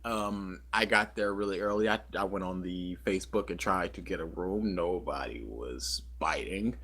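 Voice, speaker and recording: A man's voice: sits low, normal speed, a bit bright. A man co-hosting a podcast, chatting casually and telling a rambling story full of fillers and self-corrections. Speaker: podcast co-host.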